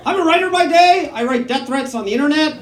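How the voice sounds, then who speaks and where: A man's voice: extremely high pitch, quick pace, echoey room, background noise. A man, doing a self-mocking, rambling stand-up set on a comedy club stage. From Canada. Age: 40s.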